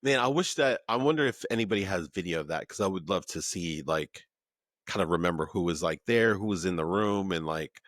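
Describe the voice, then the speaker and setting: A man's voice: low-pitched, lively intonation, fairly quick, a bit bright, no echo, studio quality. A man in his thirties from the Pacific Northwest hosts a remote podcast, asking chatty questions full of "like" and "man". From Pacific Northwest, USA. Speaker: podcast host. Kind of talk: casual remote podcast interview. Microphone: remote recording, podcast mic.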